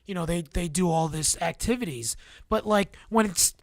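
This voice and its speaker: A man co-hosting a talk show who tells rambling, animated stories with many restarts. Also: sits high, moderate pace, no echo, studio quality. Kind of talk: casual storytelling chat.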